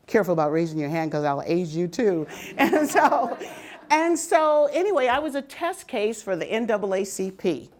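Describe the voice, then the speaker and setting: Lively, storytelling older woman. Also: mid-range voice. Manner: lively, humorous, laughs often. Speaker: speaker telling her life story. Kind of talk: personal storytelling talk.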